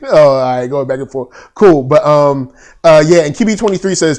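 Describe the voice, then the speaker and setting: A man in loose commentary mode, talking with a slightly raised pitch. He riffs in slang and stops and restarts his thoughts often, the way a podcast co-host does. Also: moderate pace, darkish tone. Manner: conversational, frequent restarts, slangy and blunt. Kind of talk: casual commentary chat.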